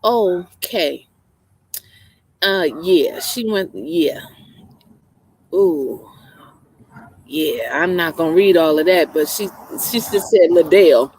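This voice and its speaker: A woman's voice: lowish voice, takes it slowly, long pauses, darkish tone, slightly rough. A female co-host in casual chat, sassy and teasing, laughing often.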